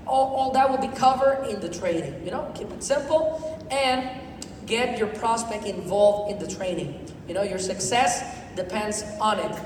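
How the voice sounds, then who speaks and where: High-voiced man rallying a roomy hall. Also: normal speed. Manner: energetic, repetitive, peppered with "you know"; non-native English grammar. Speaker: speaker at a sales event. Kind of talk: motivational seminar talk. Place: event hall with audience. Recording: echoey hall from far off, noisy.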